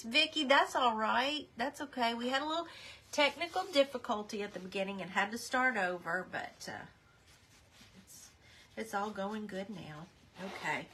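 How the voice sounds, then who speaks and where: Slow-talking bright-voiced woman crafter. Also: a little high, slight background noise. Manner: chatty, rambling, greets viewers by name. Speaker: craft livestream host. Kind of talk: casual live craft demonstration.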